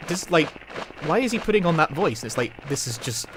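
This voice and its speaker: Man, London accent, live-stream game chatter, slightly high voice, very animated pitch, wry and rambling. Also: a little fast, background noise. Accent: London English. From London, England. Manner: rambling, wry, swears casually. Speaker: speedrunner streamer. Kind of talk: casual live-stream commentary while playing.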